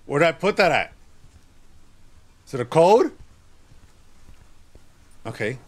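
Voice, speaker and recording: A man playing a horror game on his channel, talking to himself and yelping with excitement. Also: fairly high pitch, slow pace. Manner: excitable, yelps and laughs, talks to himself.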